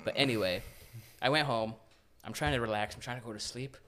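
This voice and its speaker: A young man telling a story casually on a podcast, animated and laughing as he acts out moments. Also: medium pitch, brisk, slight background noise.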